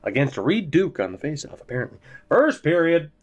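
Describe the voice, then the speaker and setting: A young man casually commentating his hockey video game, joking and swearing, swinging from low mutters to sudden shouts. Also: big pitch swings, brisk, dull audio. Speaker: gaming commentator.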